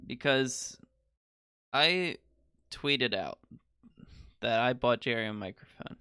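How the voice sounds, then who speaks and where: Gravelly-voiced teen boy podcasting. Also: medium pitch, animated, pushed and bright, dry recording, studio quality. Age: teens. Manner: laid-back, rambling, quick laughs. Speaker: podcast host. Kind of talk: casual chat.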